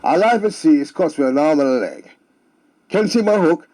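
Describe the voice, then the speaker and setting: A man voicing a blustering one-legged pirate with a hook, insistent and raised in pitch. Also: expressive, brisk, dark tone, natural voice. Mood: indignant.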